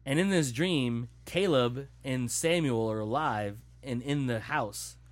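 A man in casual chat, retelling a story in an animated, profane way. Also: mid-range voice, slow pace.

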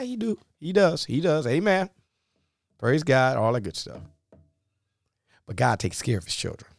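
Animated folksy preacher, dry close sound. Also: male voice, on the low side, no echo. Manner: animated, folksy, acts out biblical dialogue. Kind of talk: sermon.

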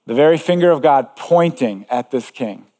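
A man's voice: medium pitch, animated, moderate pace, mellow, long reverb tail. A man preaching a sermon as pastor, earnest and emphatic, repeating key phrases.

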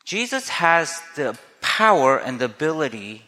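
A man's voice: mid-range voice, expressive, a little slow, pushed and bright. A man preaching a sermon as a pastor, earnest and conversational, often asking his listeners rhetorical questions. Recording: long hall reverb.

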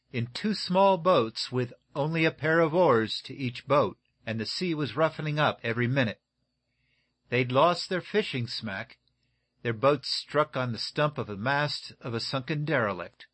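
Eager older boatyard boss read by a man, explains things fast and keen. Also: medium pitch, dry recording. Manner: excited explanatory.

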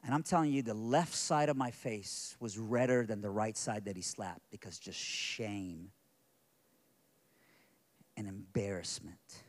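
A middle-aged man preaching a sermon, telling a personal story that moves from quiet, hushed moments to loud, intense passages. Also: fairly low pitch, measured pace.

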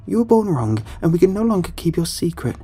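A frightened, tearful mother pleads with her child in a horror storybook, her voice lifted high and cracking with emotion, put on by a male narrator. The tone is soft and mellow, with faint music beneath. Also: lively intonation, normal speed. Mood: weeping. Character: grieving mother turning monstrous, pleading.

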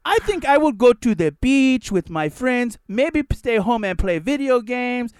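Man putting on creepy call-center guy, high and singsong, slow and prying, dry close sound. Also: big pitch swings, clear, resonant tone, no echo, heavily acted. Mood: chatty. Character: creepy overly chatty male call-center agent.

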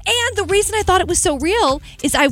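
A young woman co-hosting a morning radio show, telling a story in an animated, self-mocking way with frequent laughs. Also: very high-pitched, fast talker. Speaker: radio co-host.

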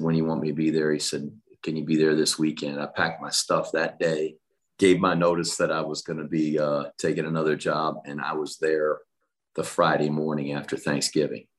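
Football coach with a very low, monotone voice, steady recollection. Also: male voice. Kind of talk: interview recollection.

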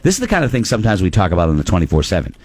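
A man hosting a radio show, chatting casually with his co-hosts in a lively, animated way. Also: deep voice, racing, breathy edge, no room sound. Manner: lively, animated, slips into playful accents.

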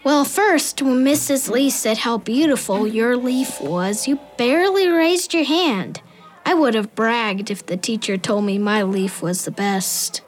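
A woman's voice: a little high, unhurried, soft background music, lightly acted. A woman voicing a boastful, pushy schoolboy in a children's audio drama. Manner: pushy, self-important.

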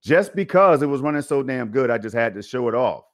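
A man's voice: medium pitch, lively intonation, a little fast. A man co-hosting a gaming livestream, talking casually and animatedly in slang, often addressing viewers directly.

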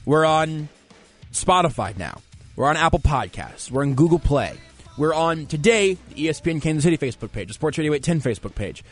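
A man's voice: a little high, big pitch swings, a little fast, soft background music. Chatty sports radio host, man. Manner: rambling, conversational, reads listener comments aloud. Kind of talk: casual sports talk show.

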